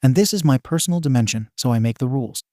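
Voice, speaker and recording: A man's voice: mid-range voice, expressive, fast talker, darkish tone, no echo, clean studio sound, lightly acted. A man reading the lines of a self-proclaimed male god who explains rules in a lecturing, matter-of-fact way, in a fan storybook reading. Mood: explaining.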